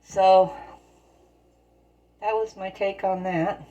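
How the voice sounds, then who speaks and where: While baking in her kitchen, a woman shares folksy tales in simple rural language, speaking at a measured pace. Her lowish voice is warm, though the audio is dull and carries slight background noise.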